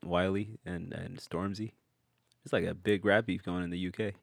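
A man in a casual comedic chat, laid-back and quick to tease and laugh. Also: deep voice, steady tone, creaky, no room sound.

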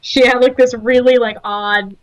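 A woman co-hosting a casual fan chat, animated and blunt. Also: on the high side, moderate pace. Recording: dull lo-fi audio.

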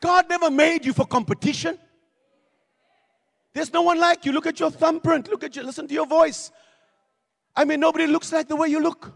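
A man preaching a sermon as pastor, animated, with repeated phrases and acted-out quotes. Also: very high voice, a little fast, creaky, long reverb tail.

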